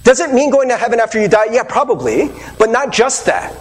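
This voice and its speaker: A male pastor with a very high voice delivers a sermon in an earnest, conversational way, full of rhetorical questions. His pitch swings widely as he preaches. A faint hiss of noise sits behind him. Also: sing-song, fairly quick, big-room sound.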